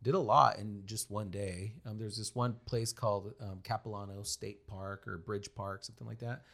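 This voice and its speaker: A man's voice: lowish voice, steady tone, normal speed, creaky, fairly bright tone. A man hosting a podcast, telling a travel story in casual chat with lots of ums and laughs. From United States. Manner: rambling, many ums and laughs. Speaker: podcast host.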